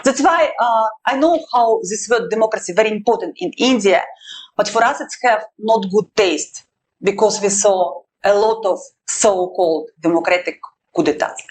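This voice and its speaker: A Russian woman working as a war correspondent answers interview questions in halting, non-native English, with a Russian accent and firm emphasis. Her voice is mid-range and the audio is poor.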